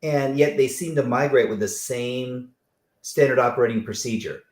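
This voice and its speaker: A man hosting an interview, telling stories in an animated way and acting out the people he quotes. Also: mid-range voice, moderate pace, echoey room. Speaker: host. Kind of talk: conversational interview.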